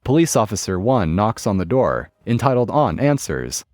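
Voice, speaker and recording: Male narrator for a story read aloud, expressive, with a dry studio sound. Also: lowish voice, normal speed, no echo, soft background music. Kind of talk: reading a forum story aloud.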